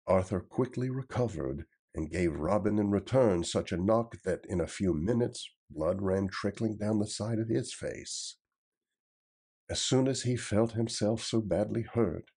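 A man narrating a storybook tale in a measured, expressive reading. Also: fairly low pitch, slightly rough.

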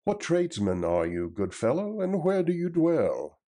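A man's voice: on the high side, huge pitch swings, moderate pace, mellow, voice pushed up. A man voicing a proud outlaw leader who speaks in a formal, emphatic, old-fashioned way. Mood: courtly.

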